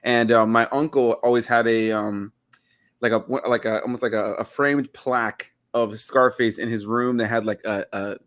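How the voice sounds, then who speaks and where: A man's voice: mid-range voice, steady tone, moderate pace, a bit bright, no room sound. A man in his thirties from Miami, a guest reviewing a film in casual chat, rambling with lots of "like" and "you know". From Miami, United States.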